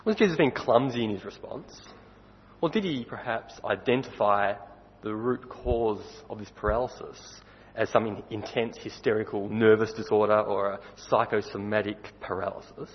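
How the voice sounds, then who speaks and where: A man's voice: lowish voice, moderate pace, a little hiss or hum. A man preaching a sermon in a conversational way, putting questions to his listeners. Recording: dull recording with long hall reverb.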